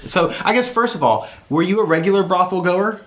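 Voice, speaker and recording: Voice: mid-range voice, animated, fairly quick. A podcast host asking questions in a playful, casual interview.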